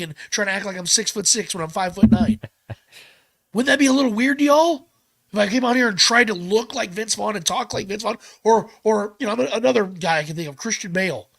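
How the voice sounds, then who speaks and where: A man hosting a podcast, ranting in an animated, emphatic way with some swearing. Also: high voice, creaky. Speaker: podcast host. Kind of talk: podcast rant.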